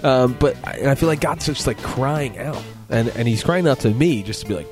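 A man talks on a faith radio show in a loose, meandering way, piling up fillers and little jokes. His pitch sits in a middle range for a man. A faint music bed plays behind him. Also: brisk, hardly any pauses. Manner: rambling, joking, lots of "you know". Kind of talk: casual faith talk on radio.

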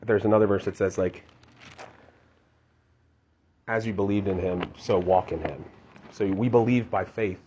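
A man's voice: deep voice, warm tone, highs cut off, a little hiss or hum. A man giving casual devotional teaching as a preacher, earnest and conversational, often restarting his sentences.

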